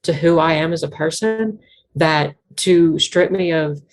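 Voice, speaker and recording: In a casual interview, a banjo musician from Southwest Virginia speaks a little slowly in a low voice and a Southwest Virginia Appalachian accent. Her talk is earnest and rambling, peppered with "like."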